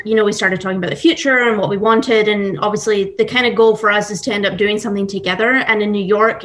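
A young woman with a Scottish accent chats as a podcast guest. She talks about her baking work in an upbeat, easygoing way and pads her sentences with "um" and "like." Her pitch sits in a middling range for a woman. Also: a bit bright. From Scotland and Texas. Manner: chatty and upbeat, many fillers. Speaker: guest, baker. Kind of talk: casual podcast interview.

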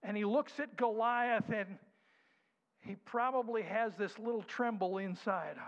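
A man preaching a sermon, dropping to soft whispers and rising to loud, slow declarations. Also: high-pitched, vocal fry. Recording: dull sound with long hall reverb.

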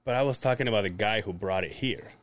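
A man's voice: on the low side, fast, fairly bright tone, no room sound. A man co-hosting a podcast in casual chat, rambling through stories and swearing, with many restarts. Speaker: podcast co-host.

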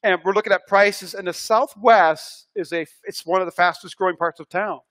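A male pastor preaching a sermon, swinging between hushed lines and loud, emphatic repeats. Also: sits high, steady tone, moderate pace.

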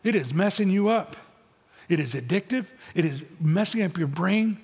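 A middle-aged pastor delivers a blunt, joking sermon to his congregation. His voice is husky and sits a little high for a man. The church around him rings with a long echo. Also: animated, moderate pace, a little mellow. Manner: blunt, conversational preaching with humor. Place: church auditorium. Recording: long hall reverb.

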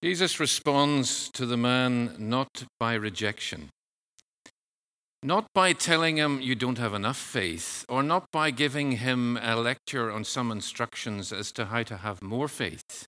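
A man preaching a sermon in a measured, earnest way, pausing and sometimes restarting phrases. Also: mid-range voice, pushed and bright.

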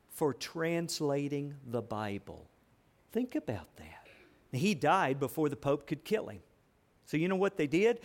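Middle-aged male preacher, high voice, sermon full of rhetorical questions to the congregation. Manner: asks the audience rhetorical questions. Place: church building.

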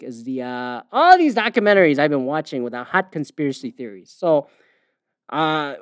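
A man's voice: on the high side, sing-song, normal speed, dry recording, studio quality. A man hosting a podcast, ranting casually about sports media, swearing often and filling gaps with "uh" and "you know". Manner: profane, ranting, with frequent fillers. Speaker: podcast host.

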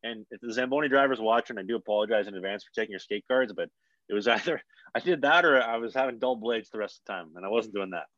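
A young man, a hockey player guest, telling stories casually in an animated way and swearing freely. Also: on the low side, fast talker, no echo, lo-fi sound. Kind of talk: casual storytelling.

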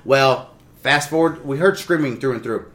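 A man's voice: mid-range voice, normal speed, fairly bright tone. A man telling a long rambling story in casual chat, with many restarts and laughs.

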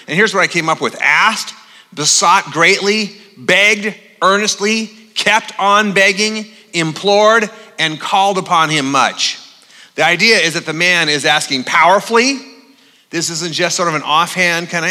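Bright-voiced man preaching in a big hall. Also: a little high, moderate pace. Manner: conversational, humorous, with frequent fillers. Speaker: pastor. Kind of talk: sermon. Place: large church auditorium. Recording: long reverb of a large hall.

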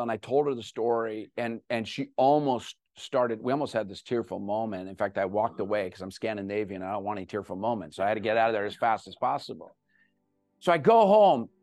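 A middle-aged man giving a talk to an audience, telling a personal story with animated, self-deprecating humor. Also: on the low side, no room sound, studio quality. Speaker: guest speaker.

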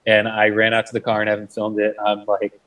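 A man's voice: lowish voice, monotone, a little fast, a bit bright, recorded from a distance, low-quality recording. A young man telling a story in a casual interview. He swears freely, fills his talk with "like", and acts out the voices of the people he quotes. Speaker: guest. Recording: mic set back from the speaker.

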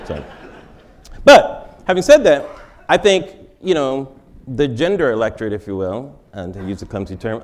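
A man's voice: mid-range voice, darkish tone. A male comedian giving a wry comic lecture in a large forum, interviewing himself and laughing at his own jokes.

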